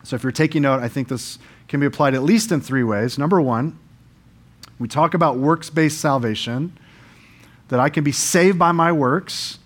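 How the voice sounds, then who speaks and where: A man's voice: fairly high pitch, moderate pace. A man pastor preaching an earnest sermon in church, explaining scripture and sometimes voicing quoted speakers.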